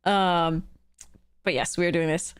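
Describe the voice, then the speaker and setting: A woman's voice: lowish voice, slow, smooth. Bubbly, giggly woman streamer. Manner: bubbly and giggly, with frequent laughter; rambling, with many fillers and restarts. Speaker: streamer and content creator. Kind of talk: casual live-stream chat.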